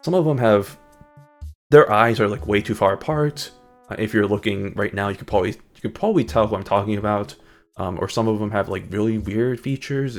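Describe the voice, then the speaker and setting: Male streamer, low gravelly voice, rambling jokey chat over soft background music. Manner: rambling and jokey, with frequent ums. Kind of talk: casual live-stream chat.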